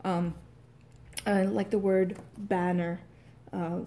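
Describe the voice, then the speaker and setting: Southern American woman, actor talking through her accent practice, halting, lots of ums, faint background noise. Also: mid-range voice, level tone, mellow. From United States. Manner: hesitant, many filler sounds, clears throat. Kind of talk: casual explanatory talk.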